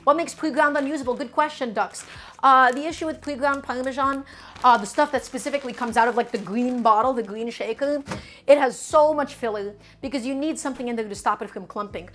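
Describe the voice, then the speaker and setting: Woman from Brooklyn, cooking-stream host, a bit high-voiced, chatty and explanatory. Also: a little fast, a bit bright, a little hiss or hum. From Brooklyn, New York. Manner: chatty, explains each step while answering viewers. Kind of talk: live cooking stream, talking to chat.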